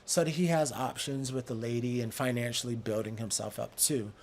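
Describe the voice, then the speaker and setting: A man's voice: mid-range voice, fairly even intonation, brisk, a little mellow, a little hiss or hum. Earnest male podcast host. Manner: earnest, repeats words when building a point. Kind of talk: casual podcast talk.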